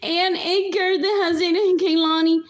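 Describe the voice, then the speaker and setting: A woman's voice: very high voice, fairly even intonation, normal speed. A woman talking to viewers in a rambling livestream monologue, repeating herself as she goes.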